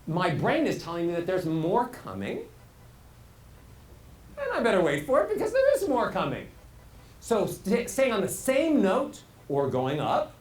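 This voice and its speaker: A middle-aged man teaching as a voice coach, animated and swinging his pitch widely to make his points. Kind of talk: speaking lesson. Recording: roomy sound with faint hiss.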